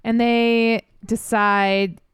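Comedy podcast woman riffing playfully, smooth clear voice, dry close sound. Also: fairly high pitch, flat delivery, very slow, no room sound. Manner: playful, riffing and giggling along. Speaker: podcast co-host. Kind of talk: improvised comedy recap.

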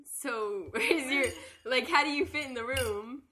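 A woman's voice: high-pitched, unhurried, a crowd in the background. Teasing, blunt teen girl. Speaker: podcast co-host. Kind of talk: casual chat. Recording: noisy home recording.

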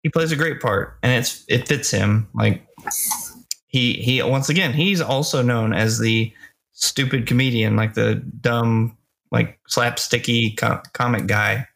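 A man co-hosting a casual movie review podcast, relaxed and hesitant, with lots of pauses and restarts. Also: mid-range voice, gravelly. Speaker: podcast co-host.

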